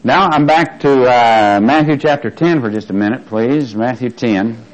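A man's voice: medium pitch, measured pace, dull audio. A man preaching a sermon in a conversational way, questioning his listeners and swelling on key words. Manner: conversational, asks the congregation questions.

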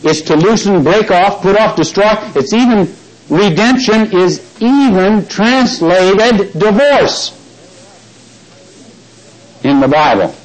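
A man preaching a Bible teaching sermon, stressing key words slowly and quizzing the congregation with questions. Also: sits high, expressive, poor audio.

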